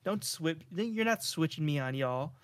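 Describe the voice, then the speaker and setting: A man's voice: a little high, animated, unhurried, a bit bright, no echo, clean studio sound. A young man co-hosting a podcast, chatting casually in an easygoing, teasing way. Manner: easygoing, laughs often, teasing. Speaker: podcast co-host. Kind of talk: casual chat.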